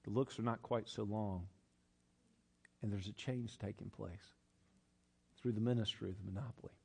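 A middle-aged man preaching a sermon. He swings from hushed to loud and slows down to stress his points. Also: lowish voice, steady tone, vocal fry, breathy edge. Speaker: pastor.

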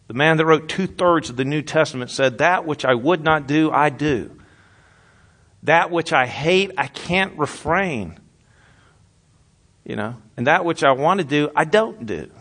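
A man preaching a sermon in an earnest way, rising to loud emphasis and then dropping to a hushed, quiet voice. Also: fairly high pitch. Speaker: pastor.

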